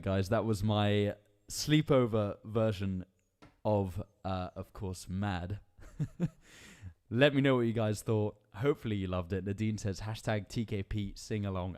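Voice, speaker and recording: A man's voice: fairly low pitch, darkish tone, smooth. A male band singer hosting a casual live stream, reading viewer comments aloud in a chatty, upbeat way and laughing often.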